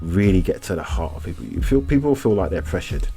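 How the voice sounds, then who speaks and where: A man's voice: low-pitched, very animated, quick pace, gravelly, warm tone. A man co-hosting a casual comedy podcast, playfully building up jokes. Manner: playful banter, building up bits. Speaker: podcast co-host.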